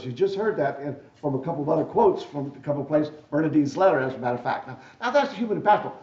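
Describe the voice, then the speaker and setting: A man's voice: fairly high pitch, expressive, very fast, hardly any pauses, a little mellow. Chatty male speaker in a roomy hall. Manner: folksy, repeats words, asks "right?" and "okay?" often. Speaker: keynote speaker at a deacon assembly. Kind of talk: conference talk. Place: lecture hall. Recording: roomy hall, dull sound.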